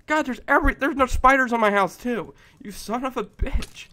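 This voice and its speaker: Man, high voice, let's play commentary, excitable, swearing a lot, shouts at monsters. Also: moderate pace, few pauses. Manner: excitable, profane, yells at game monsters. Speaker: gameplay commentator.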